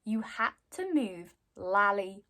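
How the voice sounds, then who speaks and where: A woman voicing an evasive older woman, speaking in a drawn-out, dramatic way. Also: mid-range voice, very animated, bright, forceful tone, exaggerated voice. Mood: ominous. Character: evasive older woman telling a sad tale.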